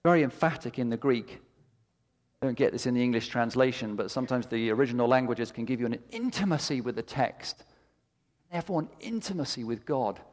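A man's voice: mid-range voice, expressive, a little fast, darkish tone. A middle-aged male pastor preaching a sermon with impassioned, emphatic delivery and repeated phrases that build to peaks. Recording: long hall reverb.

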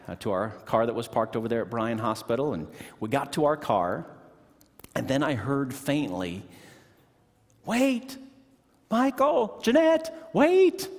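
A middle-aged man preaching a sermon in a church, telling stories with animated energy that drops to hushed tones. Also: on the low side. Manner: animated storytelling, shifting from excited to hushed. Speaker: pastor. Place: church sanctuary. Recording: long hall reverb.

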